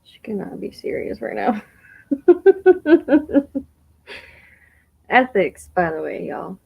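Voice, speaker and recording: A woman's voice: a little high, sing-song, very slow, gravelly, breathy edge, muffled recording. A woman streamer giving incredulous, mocking reaction commentary on a clip, swearing casually.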